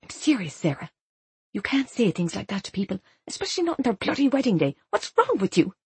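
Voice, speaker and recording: A woman playing a stern friend, scolding low. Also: big pitch swings, fast, husky, no room sound, exaggerated voice. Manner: scolding, quiet and firm. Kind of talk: audiobook character voice.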